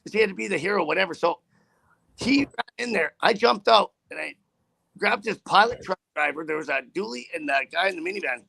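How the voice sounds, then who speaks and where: A man's voice: sits high, animated, brisk, gravelly, sharp tone. A man who drives trucks, telling a story in a casual interview with a profane, rambling, heated manner.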